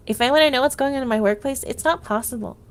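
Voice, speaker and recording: High-voiced woman venting on a livestream. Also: fast talker. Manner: rambling, fillers of "like", restarts. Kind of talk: casual venting monologue.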